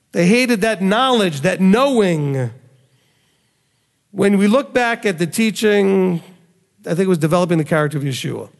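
Man, bible teacher, high voice, gravelly, conversational sermon, acts out quotes, long hall reverb. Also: animated, measured pace, pauses often.

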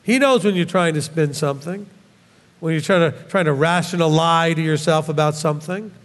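A man preaching a sermon as a rabbi teacher, scolding with rhetorical questions and animated swings. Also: on the high side, brisk, in a large hall.

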